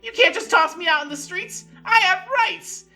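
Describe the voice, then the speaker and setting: Man doing a squeaky indignant fire sprite. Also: normal speed, pushed and bright, soft background music, full character voice.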